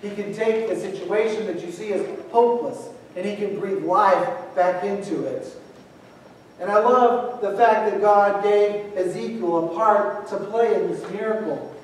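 A man's voice: sits high, steady tone, measured pace, a little hiss or hum. A man preaching a sermon in a church, telling a story and acting out its voices. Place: church sanctuary. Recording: echoey church hall, distant mic.

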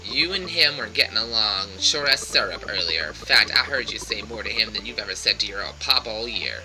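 A man playing a gruff, folksy old father in a video game, with a drawling, teasing way of talking. Game music plays underneath. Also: lowish voice, animated, brisk, lightly acted, low-quality recording.

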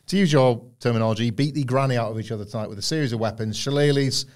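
A British man in his thirties co-hosts a podcast in a loose, casual chat. He rambles from one joke to the next, and his voice stays at an ordinary middle pitch. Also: rapid-fire. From United Kingdom. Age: 30s. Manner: rambling, jokey riffing. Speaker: podcast co-host.

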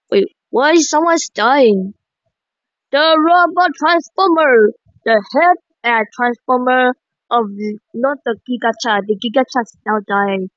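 Excitable gamer woman, slow and higher voiced, dry dull lo-fi mic. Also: dry recording. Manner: excitable, shrieking exclamations, repeats words. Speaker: gaming commentator. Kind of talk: excited gameplay commentary.

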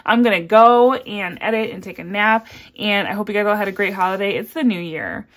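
A woman's voice: fairly quick, slight background noise. Woman vlogger, casual cash-stuffing video, murmured counting, friendly asides, faint rustle behind. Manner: counts bills aloud in a soft, low murmur; chatty and upbeat between counts. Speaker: budgeting vlogger.

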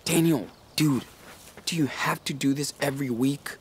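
An actor voicing a wry, protective teenage older brother in a video game, with faint outdoor noise and birds behind. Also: male voice, fairly high pitch, normal speed, natural voice. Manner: wry, guarded.

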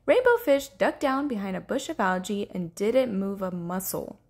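Lively, breathy woman reading a story aloud. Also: mid-range voice, moderate pace. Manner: expressive, storybook lilt. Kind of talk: children's read-aloud narration.

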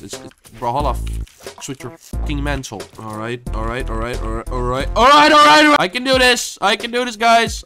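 Brief: young gamer man, excitable, swears, stammers, wildly swinging pitch over game music. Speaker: gaming YouTuber. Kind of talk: live gameplay commentary.

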